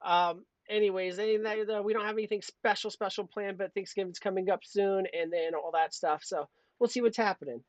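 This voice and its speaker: A man's voice: sits high, fairly even intonation, a little fast, hardly any pauses, no echo. Crude joking male streamer. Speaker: co-host. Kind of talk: casual livestream chat. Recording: dull lo-fi stream audio.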